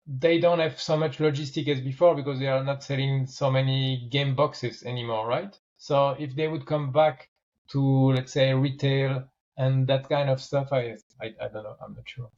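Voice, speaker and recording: A man's voice: medium pitch, fairly even intonation, darkish tone. Hesitant man, slightly dull recording. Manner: hesitant, repeats words, measured. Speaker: co-host. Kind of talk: casual podcast chat.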